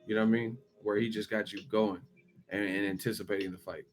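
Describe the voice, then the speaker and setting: A man's voice: fairly low pitch, faint music behind. A man hosting a boxing channel, riffing in casual, profane commentary and firing off one rhetorical question after another. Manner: animated, profane, rapid-fire rhetorical questions.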